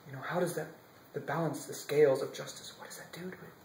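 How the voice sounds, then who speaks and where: A man telling a devotional story expressively, shifting from loud to whispered passages. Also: fairly high pitch, fairly even intonation, fast, roomy sound, a little hiss or hum, low-quality recording. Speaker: storyteller monk.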